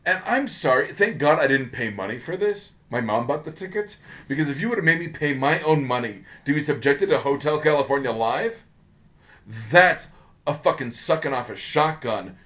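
A man's voice: a little high, animated, moderate pace, a bit bright. Ranting sarcastic male podcast host. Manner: sarcastic, ranting, gets worked up and swears. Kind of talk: casual comedic rant.

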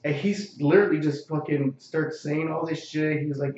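A man's voice: fairly high pitch, flat delivery, moderate pace, a little mellow, slight background noise. A young man telling a profane story in casual chat, acting out quotes and laughing often. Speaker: podcast co-host telling a story. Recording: roomy, distant, dull lo-fi sound.

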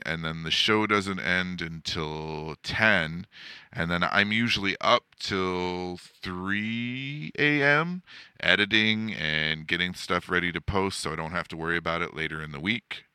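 A man's voice: sits low, pushed and bright, clear, resonant tone, dry recording, clean studio sound. A man hosting a podcast in casual chat, loose and profane, rambling with fillers while seated at his desk. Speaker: podcast host. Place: home setup, seated in a desk chair.

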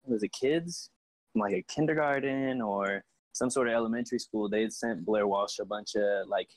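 A young man in casual sports chat, relaxed and slangy as he tells stories. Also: on the low side, moderate pace, low-quality recording.

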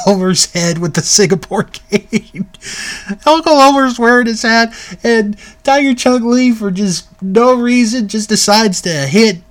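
A man giving a casual, chatty recap of an old wrestling tape, laughing at moments and mimicking the people in it. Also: sits high. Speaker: wrestling history reviewer.

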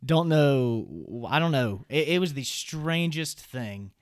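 Young Southern man, podcast storyteller; smooth clear voice, dry close sound, rambling and self-amused. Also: medium pitch, big pitch swings, takes it slowly, no echo. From American South. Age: young adult. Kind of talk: casual storytelling.

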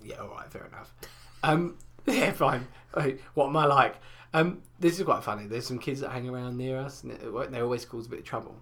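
A man's voice: mid-range voice, brisk, few pauses, fairly bright tone. A man, talking in an easy, rambling chat. He swears a lot and winds himself up, now and then mimicking others in put-on voices. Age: 20s. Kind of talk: casual chat.

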